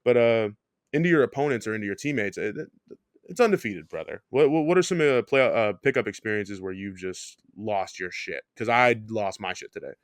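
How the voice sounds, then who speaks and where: A man's voice: on the low side, animated, brisk, no echo, studio quality. A young man co-hosting a sports podcast, rambling and joking with lots of ums. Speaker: podcast co-host. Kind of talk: casual sports podcast chat.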